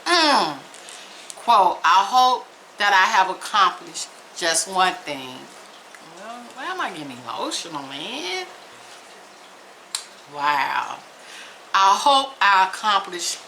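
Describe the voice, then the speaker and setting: Woman, slow deliberate reading, bright tone, light background hiss. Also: fairly low pitch, low-quality recording. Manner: slow, emphatic reading with exclamations. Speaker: vlog host reading aloud. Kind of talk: casual reading and reacting.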